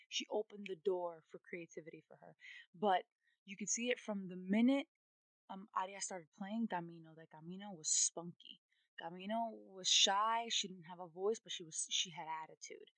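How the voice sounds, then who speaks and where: A woman's voice: medium pitch, normal speed, a bit bright, dry recording, low-quality recording. A woman co-hosting a casual podcast chat, ranting with energy and swearing freely. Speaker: podcast co-host.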